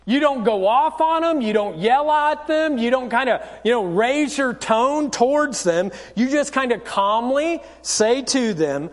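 A man's voice: very high-pitched, lively intonation, unhurried, in a large hall. A man preaching a sermon as pastor, in a practical, conversational way and acting out short quotes.

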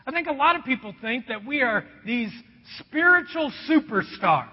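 A man preaching a sermon as pastor, telling stories with lively energy and dropping to a hush at times. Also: extremely high pitch, slightly rough. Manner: animated storytelling, drops to a hush. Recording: dull sound with long hall reverb.

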